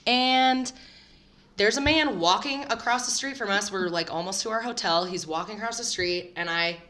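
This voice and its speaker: Young woman podcast co-host, bright tense voice, animated storyteller for casual chat. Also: moderate pace. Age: young adult. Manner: animated storyteller, jumps high for quoted lines.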